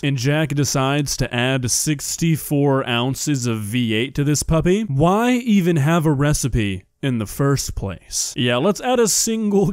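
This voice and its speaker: A man's voice: mid-range voice, smooth, no room sound, clean studio sound. A man giving sarcastic, incredulous reaction commentary on a cooking video. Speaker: commentary host.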